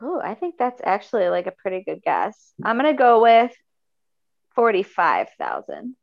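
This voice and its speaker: Woman, co-host, giggly, lively pitch, dull lo-fi sound. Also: moderate pace, vocal fry. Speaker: podcast co-host. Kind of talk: casual chat. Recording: dull lo-fi audio.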